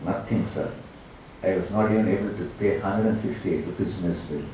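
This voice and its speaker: A lively man from India gives a motivational talk, his low, warm voice carried from a distance through a very echoey auditorium. He tells his stories with energy and keeps coming back to the audience. Faint noise sits under the recording. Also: normal speed. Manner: animated storyteller, repeats "my dear friends". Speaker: guest speaker. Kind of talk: motivational speech. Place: large auditorium.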